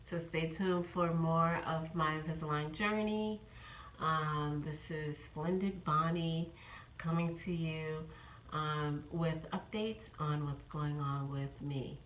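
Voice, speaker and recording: A woman's voice: low-pitched, fairly even intonation, slow, a bit bright, reverberant, a little hiss or hum, low-quality recording. A woman in her fifties from New York, chatting casually in a rambling vlog update with many ums. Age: 50s. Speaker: vlogger.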